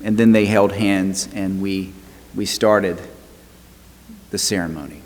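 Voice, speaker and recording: Male pastor, unhurried storytelling sermon, mid-pitched voice, long hall echo. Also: fairly even intonation. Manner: storytelling, slow and measured with emphatic repetition. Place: church sanctuary. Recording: long church reverb.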